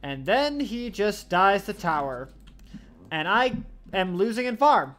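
A man gives live gameplay commentary on his match, ranting with a steady stream of profanity and exasperation. His voice sits high and he speaks slowly.

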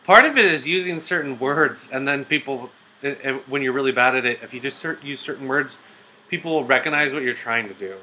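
A man chatting casually as co-player over a game, excitable and prone to swearing. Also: medium pitch, fairly quick. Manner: loud, swearing, excitable reactions. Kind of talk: casual gameplay chat.

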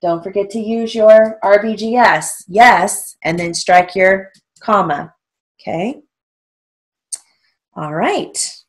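A woman teaching a stenography lesson, dictating short phrases slowly and spelling out letters, checking in with an occasional "okay?". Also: medium pitch. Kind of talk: slow, deliberate dictation lesson.

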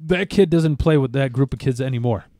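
A man's voice: medium pitch, brisk, no echo, clean studio sound. A man in casual chat, telling a long story with lots of swearing and acting out what others said. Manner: animated, profane, acts out quotes. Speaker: podcast co-host.

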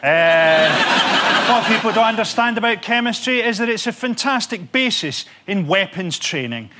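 A Scottish man with a Glaswegian accent doing a deadpan stand-up monologue, dark dry jokes with pauses for laughs. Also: high voice, very noisy. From Scotland. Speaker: comedian, team captain. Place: TV studio with live audience.

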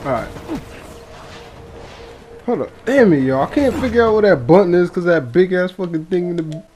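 A young man commentating his own gameplay, profane and excitable, talking to himself as he plays. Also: high voice, normal speed, soft background music. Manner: profane, excitable, talks to himself while playing. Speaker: gaming streamer.

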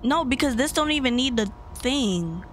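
A woman's voice: high voice, expressive, normal speed, a little hiss or hum. A woman hosting a gameplay video, chatting casually to her viewers and getting easily startled. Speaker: gaming video host.

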